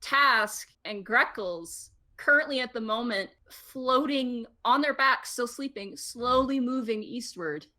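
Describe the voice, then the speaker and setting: A woman's voice: fairly high pitch, takes it slowly, few pauses, pushed and bright. A woman running a tabletop game as game master, narrating scenes in vivid detail and giggling at her own descriptions.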